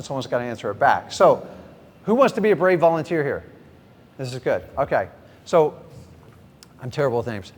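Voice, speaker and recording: Energetic middle-aged man teaching in an echoey hall. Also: fairly high pitch. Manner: energetic, direct, acts out sample conversations; questions the audience, then answers himself. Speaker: real estate investing trainer. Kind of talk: live seminar teaching. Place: large event hall with a live audience. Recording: echoey hall, faint background noise.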